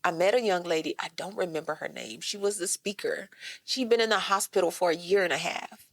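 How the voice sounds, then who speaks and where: A woman in her thirties telling a personal story on a podcast, animated and direct, calling listeners "y'all" and "girl". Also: on the low side, brisk, dry recording, studio quality. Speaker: guest.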